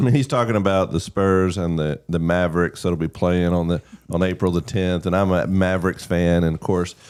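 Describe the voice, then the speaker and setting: A man who is a pastor, talking as a guest on a morning radio show in a calm, measured, easygoing way. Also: low-pitched, smooth. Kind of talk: casual radio chat.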